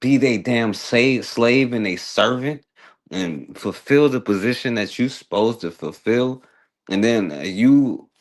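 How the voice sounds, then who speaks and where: A man hosting a talk radio show, giving blunt, emphatic commentary with a sarcastic edge. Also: lowish voice.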